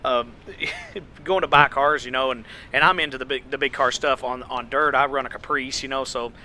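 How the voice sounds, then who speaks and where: A man hosting a casual interview, laid-back and quick to chuckle as he chats and asks questions. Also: medium pitch, fairly even intonation, sharp tone, a little hiss or hum. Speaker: podcast host.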